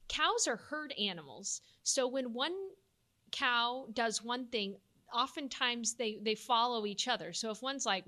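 A woman's voice: fairly high pitch, sharp tone. A woman from Texas with a Texan accent, co-hosting a casual, folksy chat about weather myths and laughing easily.

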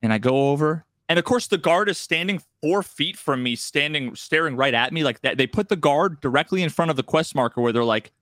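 A man co-hosting a casual gaming podcast, telling a story with lively shifts and acting out game characters' lines. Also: fairly high pitch, brisk, hardly any pauses, no echo, studio quality. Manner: animated storyteller, acts out game dialogue in raised voices. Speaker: podcast co-host.

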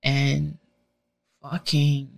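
A woman's voice: deep voice, very slow, creaky, a crowd in the background. Young woman, loose and profane, telling a story on a casual podcast. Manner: profane, animated storytelling with frequent laughter.

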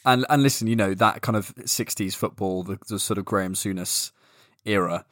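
A man co-hosting a football podcast, talking in a wry, teasing, measured way. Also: fairly low pitch, fairly bright tone, no echo, clean studio sound. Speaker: podcast co-host. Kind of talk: casual football chat.

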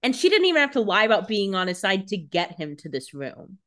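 A woman's voice: mid-range voice, big pitch swings, brisk, a bit bright. A young woman with an ordinary mid-range voice co-hosts a casual podcast. She banters bluntly and jokes freely, with casual swearing. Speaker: podcast co-host. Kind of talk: casual chat.

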